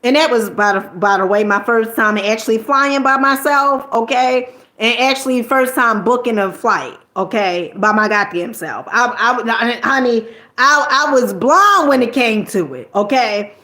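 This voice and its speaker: A woman's voice: fairly high pitch, fairly even intonation, measured pace, bright, forceful tone. A middle-aged woman from New Jersey telling a personal story in a casual, colloquial way, tossing in "okay?" and mild swearing.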